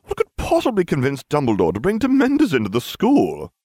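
A man's voice: mid-range voice, wildly swooping pitch, moderate pace, no room sound, studio quality, voice pushed up. A man voicing a smug, scheming teenage wizard with a sardonic, condescending manner.

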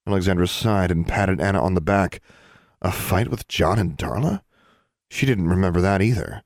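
Guy reading an audiobook, real low voice, dry sound. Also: moderate pace, no echo. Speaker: audiobook narrator. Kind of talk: scripted narration.

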